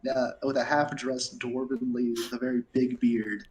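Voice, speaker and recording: A man narrating as game master of a tabletop game, animated and quick to laugh. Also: mid-range voice, dull audio.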